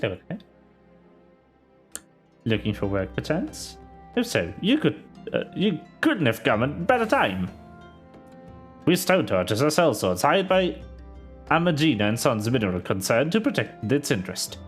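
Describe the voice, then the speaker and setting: A man voicing a stern veteran sellsword captain, reading game dialogue aloud in a lowered, measured tone. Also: big pitch swings, faint music behind. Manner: low, grave, measured.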